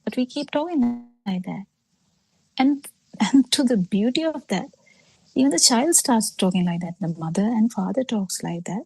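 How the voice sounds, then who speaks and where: A woman giving a Buddhist teaching over a video call, halting, with many pauses and fillers, often falling into soft breathy half-whispers. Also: fairly high pitch, expressive, no room sound, poor audio. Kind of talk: slow spoken dharma talk on a video call.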